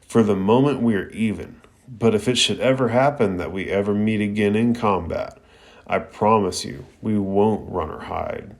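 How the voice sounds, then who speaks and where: A man reading the lines of a cold, serious teenage boy ninja rival in a low, measured voice. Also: creaky. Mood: grave.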